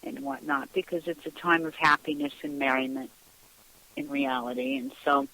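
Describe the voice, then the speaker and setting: Brief: female talk radio host, bright, crisp voice, chatty and quick to laugh. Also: low-pitched, big pitch swings, rough recording. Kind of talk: casual radio chat.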